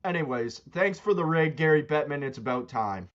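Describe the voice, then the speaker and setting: Man, sports podcast co-host, ranting and mocking, slightly high voice, dull lo-fi recording. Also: animated, moderate pace. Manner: loud, mocking rants with big pitch jumps. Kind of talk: casual sports chat. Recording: dull lo-fi sound.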